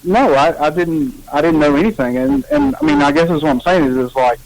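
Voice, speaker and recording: A man chatting casually as a podcast co-host, rambling and relaxed, with many restarts. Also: on the high side, brisk, gravelly, rough recording. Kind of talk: casual chat.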